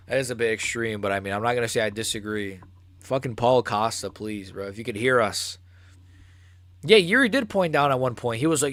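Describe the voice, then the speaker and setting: A young man hosting a live fight reaction stream, ranting excitably and swearing, recorded close to the mic. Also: mid-range voice, fairly quick, no echo. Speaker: MMA channel host.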